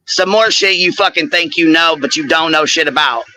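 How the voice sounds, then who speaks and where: A woman's voice: low voice, normal speed, sharp tone, low-quality recording. A woman, hosting a livestream and ranting furiously, swearing constantly. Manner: profane, furious, confrontational. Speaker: channel host. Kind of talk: heated livestream rant.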